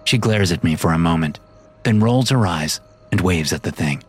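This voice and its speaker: A man narrating a first-person horror story in a wry, deadpan way. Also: sits low, normal speed. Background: music.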